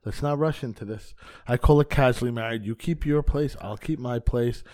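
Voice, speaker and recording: A middle-aged man tells wild, profane stories in a loose podcast chat. He's a stand-up comic who jumps into other people's voices as he goes, speaking in an ordinary mid-range pitch. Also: normal speed, no room sound, studio quality. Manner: profane, animated storyteller acting out quotes. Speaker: podcast guest, stand-up comedian. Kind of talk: casual storytelling chat.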